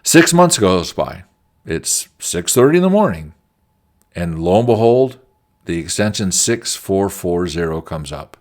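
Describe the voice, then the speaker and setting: A man's voice: low voice, very animated, unhurried. A man teaching quality management through conversational stories from his work. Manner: conversational, anecdotal. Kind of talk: storytelling lecture.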